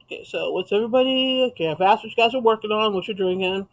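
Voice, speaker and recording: A chatty man hosting a relaxed livestream, his voice pitched notably high. He reads viewers' comments aloud and answers them with easy laughter in a loose, conversational way. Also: quick pace, poor audio. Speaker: livestream host. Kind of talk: casual livestream chat.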